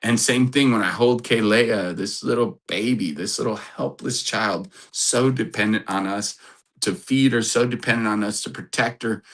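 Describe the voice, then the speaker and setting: A man's voice: fairly low pitch, normal speed, fairly bright tone. A middle-aged man, a relationship coach, giving an earnest, rambling motivational talk with restarts and chuckles.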